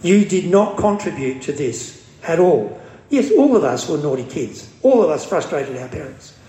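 A man preaching a sermon, emphatic and slowing down to stress quoted scripture. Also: on the high side, big pitch swings, dark tone, roomy sound, low-quality recording.

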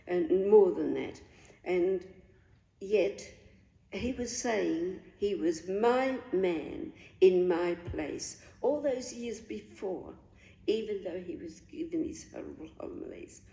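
An older woman telling a personal faith story in an earnest, halting way, with pauses and restarts. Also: medium pitch, creaky, dark tone. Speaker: guest sharing a faith testimony. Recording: echoey room.

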